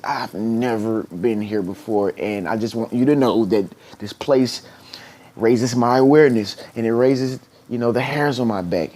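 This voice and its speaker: A man giving an earnest motivational talk in a vlog, repeating phrases for emphasis and now and then putting on high, squeaky voices for people he quotes. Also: mellow. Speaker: motivational speaker.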